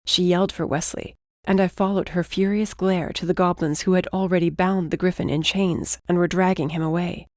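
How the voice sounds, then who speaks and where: Low-voiced woman reading an audiobook. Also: fairly even intonation, fairly quick, no room sound, studio quality. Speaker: audiobook narrator. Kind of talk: scripted narration.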